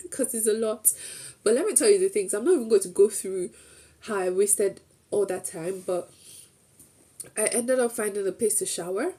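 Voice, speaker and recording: A woman's voice: mid-range voice, moderate pace, warm tone, husky. A young woman streamer chatting casually as she recaps a trip, rambling through restarts and acting out bits of dialogue.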